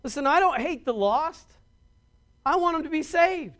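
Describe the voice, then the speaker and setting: A middle-aged pastor preaches in an emphatic, driving style. He repeats words as he builds his points and rises to loud stresses. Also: very high voice, animated, normal speed. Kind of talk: sermon.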